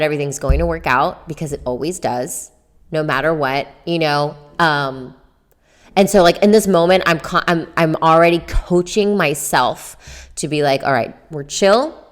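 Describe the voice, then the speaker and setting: A woman's voice: low voice, fairly bright tone. A young adult woman hosting a casual solo podcast, chatty with many fillers and self-coaching asides. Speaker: podcast host, tattoo artist.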